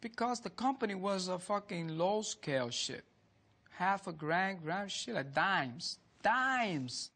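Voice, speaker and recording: A man's voice: sits high, measured pace, fairly bright tone. A man who is a former drug boss, bragging and swearing in a documentary interview. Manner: boastful, profane, dismissive.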